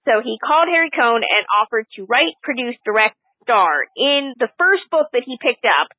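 High-voiced opinionated woman on phone line. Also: normal speed, no echo. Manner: opinionated, animated, laughs often. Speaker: film discussion co-host. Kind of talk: casual film podcast chat. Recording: tinny phone-like line, dry.

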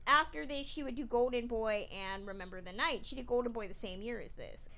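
A woman co-hosting a podcast, chatting casually about an old film, animated and emphatic, sometimes laughing as she talks. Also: a little high, a little fast. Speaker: podcast co-host.

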